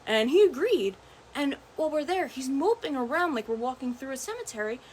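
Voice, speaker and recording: A young woman with a fairly high voice tells a storytime vlog in a chatty, animated way, peppering her talk with "like" and "right?". A faint hiss of room noise sits under her voice. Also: fairly quick. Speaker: vlogger.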